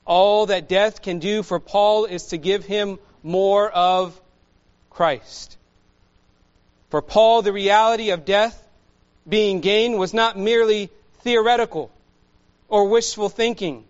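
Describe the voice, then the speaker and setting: Slow, high-voiced preaching man. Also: dull audio. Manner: slow, measured preaching with emphatic pauses. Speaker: pastor. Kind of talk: sermon.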